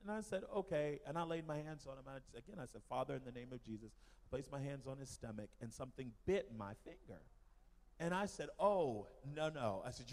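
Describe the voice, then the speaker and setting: A man giving a church testimony about a mission trip, telling the story in an animated way with many fillers. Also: mid-range voice. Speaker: missionary speaker. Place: church hall. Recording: long hall reverb.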